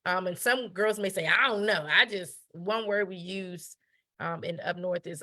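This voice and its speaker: A woman's voice: fairly low pitch, a little slow, pushed and bright. A woman giving a conversational etiquette lesson. She repeats her key points, checks in with "right?", and briefly acts out the people she quotes. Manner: emphatic, repeats key phrases, asks "right?". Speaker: etiquette educator. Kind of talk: conversational teaching talk.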